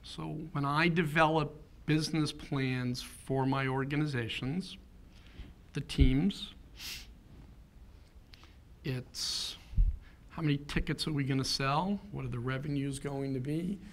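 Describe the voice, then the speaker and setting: A man's voice: mid-range voice, steady tone, slow pace, pauses often, slight background noise. A man in his fifties giving a keynote talk, telling a personal story in an earnest way and building to rhetorical questions. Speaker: keynote speaker.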